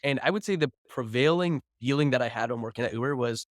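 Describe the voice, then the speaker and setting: A man's voice: medium pitch, fast talker, no echo, clean studio sound. A man in his thirties, a founder guest on a podcast, telling stories in a chatty, loose way, full of "like" and restarts. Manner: chatty, filler-heavy, frequent "like" and restarts. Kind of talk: casual storytelling interview.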